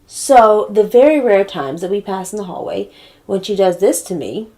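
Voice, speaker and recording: A woman's voice: mid-range voice, animated, normal speed, warm tone. A woman telling a comedic story to camera in a sassy, blunt, profane way.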